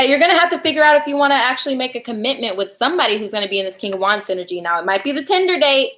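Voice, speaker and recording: A woman's voice: on the high side, a bit bright. A woman giving casual live tarot readings, chatty and laughing often as she talks to viewers. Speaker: tarot reader.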